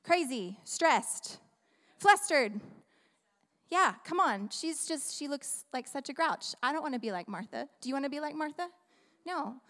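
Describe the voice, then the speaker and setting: A woman preaching a sermon in an animated, humorous, conversational way, often asking the audience questions. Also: high-pitched, measured pace. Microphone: handheld microphone. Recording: long reverb of a large hall.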